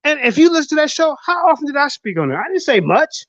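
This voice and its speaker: Blunt, lively-voiced male panel moderator. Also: very high voice, quick pace, no echo. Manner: blunt, profane, repeats himself. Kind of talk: heated online panel argument. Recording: dull lo-fi audio.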